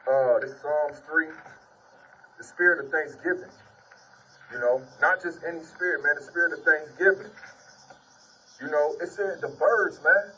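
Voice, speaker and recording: A man's voice: a little high, a little slow, long pauses, pushed and bright, distant mic, a little hiss or hum, low-quality recording. A man giving an informal sermon and testimony, reading scripture and preaching earnestly, repeating "man" often while sitting on the ground. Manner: earnest, repetitive, peppers speech with "man".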